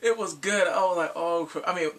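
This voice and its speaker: A man giving an excitable, casual spoken review of a TV episode, swinging from mumbles to shouts. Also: high-pitched, fast talker, far from the mic.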